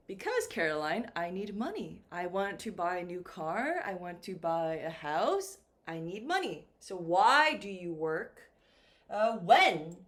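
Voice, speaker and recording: A woman teaching a beginner English lesson, speaking slowly and clearly and acting out example questions. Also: mid-range voice. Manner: slow and lively, with acted-out example questions.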